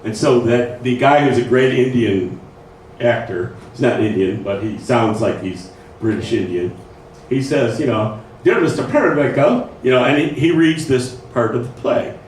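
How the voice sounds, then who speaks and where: Casual male workshop presenter, mid-pitched, talking in a big echoey room far from the mic. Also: moderate pace, darkish tone, slight background noise. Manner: conversational, checks in with listeners often. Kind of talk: informal lecture to a writing group.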